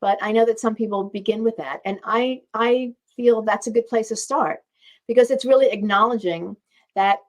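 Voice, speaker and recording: A woman's voice: mid-range voice, darkish tone. A woman hosting a wellness talk, explaining earnestly and repeating phrases for emphasis. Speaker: host and doctor.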